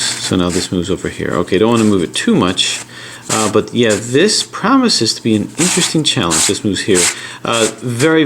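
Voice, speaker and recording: Chatty American man, lowish voice. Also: background noise. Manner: chatty, talks while handling puzzles. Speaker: puzzle channel host. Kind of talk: casual tutorial and unboxing.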